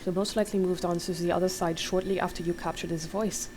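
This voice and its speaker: A man's voice: high voice, little pitch movement, fast, darkish tone, slight background noise, rough recording. A woman reading the part of an older widowed man who speaks with the dead, in a put-on French lilt. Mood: somber. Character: older widowed male spirit medium, gentle.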